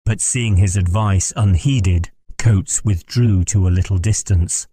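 A man narrating a classic novel as an audiobook, measured and even. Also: deep voice, slightly rough. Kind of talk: scripted narration.

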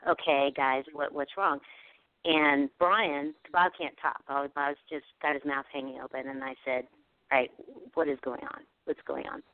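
A woman guest on a radio show, telling a story in a casual, animated way and acting out what people said. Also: sits low, no room sound. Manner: animated, acts out quoted dialogue. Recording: tinny phone line, dry.

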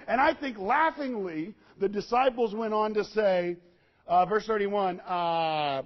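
High-voiced animated male preacher. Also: moderate pace. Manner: animated storytelling, acts out scenes with sudden loud bursts and hushed lows. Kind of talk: sermon. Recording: dull lo-fi recording.

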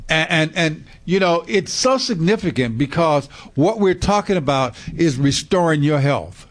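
A man's voice: fairly high pitch, lively intonation, moderate pace. A man hosting a radio health show, enthusiastic and casual, often repeating words as he looks for them. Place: radio studio.

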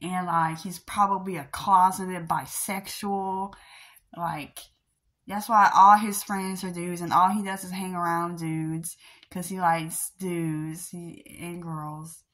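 Slow-talking upset young woman venting. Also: lowish voice, little pitch movement, fairly bright tone. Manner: rambling, upset, sighing, nervous laughs, trailing off. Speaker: vlogger. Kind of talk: emotional rant to camera.

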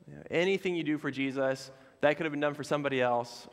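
A man pastor preaching a sermon in a relaxed, conversational way, with casual asides and fillers. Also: fairly high pitch, fast, smooth, big-room sound. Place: church sanctuary.

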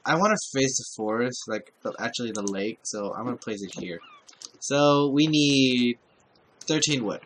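A man's voice: mid-range voice, animated, moderate pace, fairly bright tone. A man giving casual let's-play commentary, talking to himself while he plays and swearing often. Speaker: gameplay commentator.

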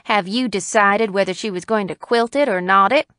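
A woman's voice: mid-range voice, moderate pace, fairly bright tone, no echo, studio quality, close to an everyday voice. A woman reading the part of a male county attorney in a story, in a tolerant, offhand manner.

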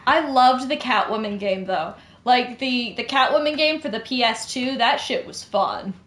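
A woman with a high voice chats on a live game stream, quick to joke about herself. Her voice rings a little in an echoey room. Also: a bit bright. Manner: laughs often, jokey and self-mocking. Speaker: streamer co-host. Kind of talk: casual gaming stream chat.

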